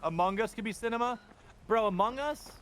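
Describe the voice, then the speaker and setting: A man's voice: sits high, brisk, slight background noise. A man chatting casually and with lots of jokes alongside a streamer while they game together. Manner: animated, jokey. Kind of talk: casual chat while gaming.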